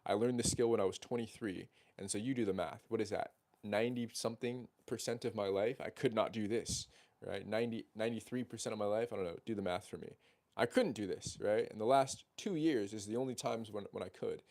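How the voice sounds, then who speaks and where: Male dating coach, 20s, lowish voice, excitable storyteller who swears freely. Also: brisk. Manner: animated, swearing, lots of fillers and restarts. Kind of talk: casual storytelling to camera.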